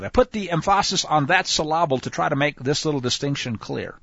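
A man teaching scripture in a conversational way, animated and speaking straight to his listeners. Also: on the high side, brisk, creaky, hardly any pauses, dry recording. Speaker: Bible teacher. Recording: dull lo-fi, dry sound.

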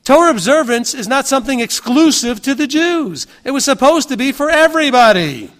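High-voiced male preacher, conversational sermon, mimics scoffers, rhetorical questions. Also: animated, brisk, fairly bright tone. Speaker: pastor.

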